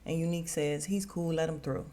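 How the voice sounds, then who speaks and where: A woman's voice: deep voice, brisk, a little hiss or hum. A woman podcast host casually recapping a TV episode, acting out the characters' lines as she goes. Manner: animated retelling, voicing characters' lines.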